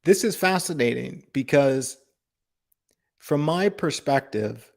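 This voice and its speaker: Slow, gravelly-voiced man, calm spiritual talk. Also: medium pitch. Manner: calm, contemplative, asks rhetorical questions, laughs softly. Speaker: spiritual teacher hosting a live broadcast.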